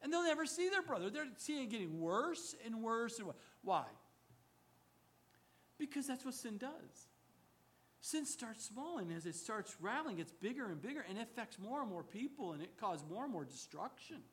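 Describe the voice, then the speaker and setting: A man delivers a sermon with an unusually high voice for a man. He preaches in an animated, emphatic way. He often breaks off to restate his words as he goes. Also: normal speed. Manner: animated, emphatic preaching with frequent self-corrections. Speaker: pastor.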